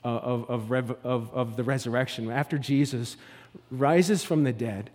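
A man preaching a sermon, moving from loud declarations to soft, hushed passages and acting out the scenes he tells. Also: mid-range voice, steady tone, moderate pace, big-room sound. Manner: acts out the scenes he tells, with repeated words and restarts. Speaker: pastor.

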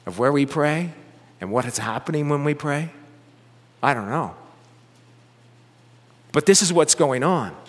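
A man preaching a sermon in a church, animated and conversational, with joking asides to the congregation. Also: a little high, a little slow, pauses often. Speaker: pastor. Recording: long hall reverb.

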